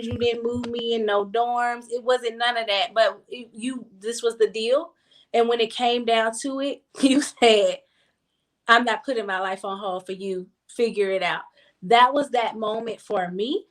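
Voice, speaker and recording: A young adult woman in a casual group chat, telling a personal story emphatically and repeating words for stress. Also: fairly high pitch. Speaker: guest.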